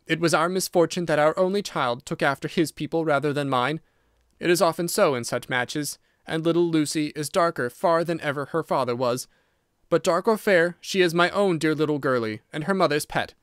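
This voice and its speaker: A woman's voice: sits low, normal speed, no room sound, clean studio sound, close to an everyday voice. A man reading the part of a proud, desperate young wife and mother in an audiobook, earnest and pleading.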